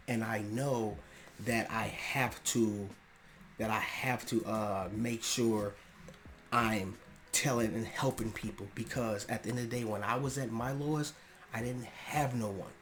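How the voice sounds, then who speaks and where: A young man hosting his own podcast, speaking in a personal, earnest monologue that swells into emphatic outbursts, casual and slangy, often clearing his throat. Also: mid-range voice, fairly even intonation, measured pace, fairly bright tone, a little hiss or hum. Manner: casual slangy speech with restarts. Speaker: podcast host. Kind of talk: personal monologue on mental health.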